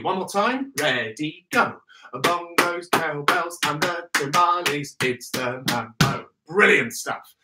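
Upbeat man chanting rhythms. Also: high-pitched. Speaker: body percussion teacher. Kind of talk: online music workshop. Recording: distant mic with clear background noise.

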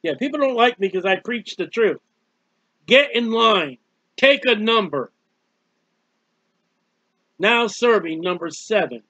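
Man preaching hard, high voice, mocking, kinda dull lo-fi sound. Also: animated, takes it slowly, long pauses, sharp tone, dry recording. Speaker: street preacher. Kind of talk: fiery sermon. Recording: dull, dry lo-fi recording.

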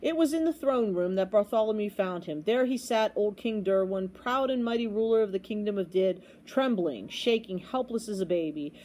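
A woman reading a children's storybook aloud with expressive, dramatic storytelling. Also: medium pitch, moderate pace, few pauses. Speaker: storybook reader.

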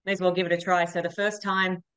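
Young Australian woman, golf coach guest, smooth tone, relaxed and modest. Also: fairly low pitch, fast talker, rough recording. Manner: relaxed, modest, laughs easily. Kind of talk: casual interview chat.

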